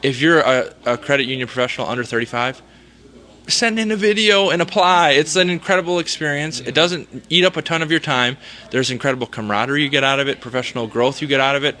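A man with a Minnesotan accent, a guest who speaks with plenty of enthusiasm. His voice is bright and forward, and his tone stays playful. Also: mid-range voice, fast talker. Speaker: guest, competition winner. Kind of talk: casual interview chat.

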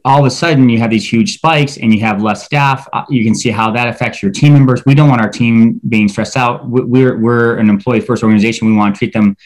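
A man speaking as a credit union executive, answering interview questions in a steady, explanatory way with small word repeats. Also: mid-range voice, brisk, few pauses. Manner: steady, explanatory, repeats words when restarting.

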